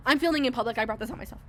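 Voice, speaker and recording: A young adult woman with a high voice hosts a podcast, and there's a faint hiss or hum in the recording. Speaking from a public place, she tells a story in casual chat, animatedly acting out other people's lines as quotes.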